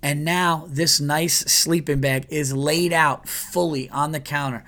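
A man telling a long story in casual podcast chat, profane and animated, jumping into exasperated quoted asides. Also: on the high side, a little slow. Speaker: podcast host.

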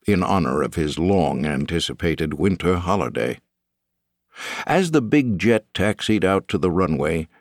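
A male audiobook narrator with a very deep voice. His delivery is lively and expressive, with the pitch rising and falling freely. The sound is dry and close-miked. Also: dry recording. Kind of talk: scripted narration.

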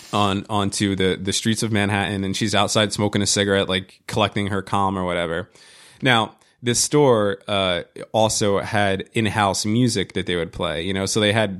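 A man with a fairly low voice tells a long story on a casual podcast. He rambles and swears freely. He stops and restarts sentences with many fillers. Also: a bit bright. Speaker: podcast co-host.

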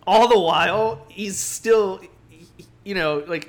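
Animated young-sounding man retelling a comic. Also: high-pitched, moderate pace. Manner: animated storytelling, acts out quotes, heavy "like" filler. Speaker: podcast co-host. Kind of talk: casual chat, retelling a comic book.

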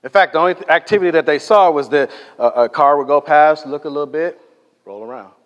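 A man delivers a sermon in a storytelling way, leaning hard on key lines and then falling almost to a whisper. His voice sits a little high for a man. The sound rings with the long reverb of a large hall. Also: quick pace, muffled recording. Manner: storytelling, emphatic, drops to near-whispers for effect. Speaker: preacher.

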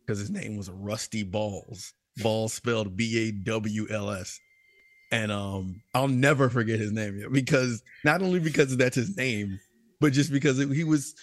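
A young man co-hosting a gaming podcast, telling stories in a loose, animated way, laughing and raising his voice when quoting others. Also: lowish voice, dry recording. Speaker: podcast co-host. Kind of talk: casual storytelling chat.

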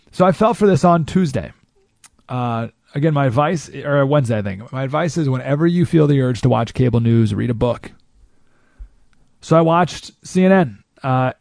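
A man hosting a talk show, delivering an animated monologue and mockingly mimicking other people. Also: medium pitch, a little fast, vocal fry, no echo, studio quality. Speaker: radio talk show host. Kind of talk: monologue commentary.

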